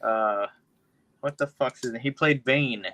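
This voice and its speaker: A man's voice: medium pitch, a little slow, bright, forceful tone. A man co-hosting a podcast, recapping a film in a loose, profane, rambling way. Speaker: podcast co-host. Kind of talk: casual podcast chat.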